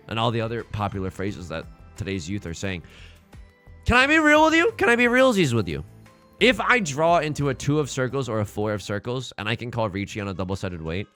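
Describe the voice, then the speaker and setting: A man's voice: on the low side, sharp tone. A man hosting a let's play, commentating his game in a playful, joking way and talking to himself with repeated phrases. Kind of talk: gameplay commentary.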